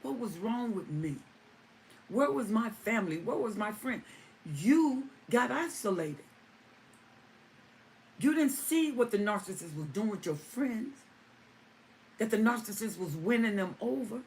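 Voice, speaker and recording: Woman w/ hosting a livestream, slow and emphatic, repeats herself a lot, set back from the mic. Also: a little high, expressive, a little mellow. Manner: emphatic, repeating lines for stress. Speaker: livestream host. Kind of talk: live chat reading viewer comments. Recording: distant mic with faint ambient noise.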